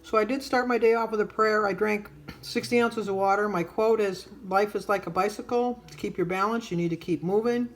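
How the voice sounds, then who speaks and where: A woman's voice: mid-range voice, steady tone, fairly quick, few pauses. A middle-aged woman from the United States chatting casually in a rambling, storytelling way with frequent fillers. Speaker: vlogger. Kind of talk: casual chat.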